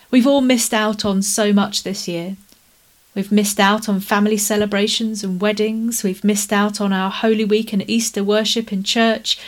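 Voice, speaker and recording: A woman preaching a sermon in a gentle, measured way that softens into quiet prayer. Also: mid-range voice.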